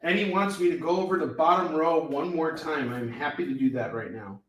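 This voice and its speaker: A man with a slightly high, somewhat bright voice talks fairly quickly as he hosts a live comic-book sale. In an echoey room, he prices issues with jokey, rambling sales patter for the shopping stream.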